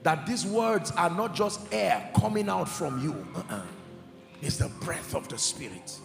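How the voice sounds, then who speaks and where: A fervent male preacher with a high, lively voice that carries a gravelly edge. His sermon rings through a large, echoing hall with long reverb, and music plays underneath. He talks emphatically, rising to shouts and then falling to hushed tones. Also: unhurried. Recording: echoey hall with music behind. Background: soft music.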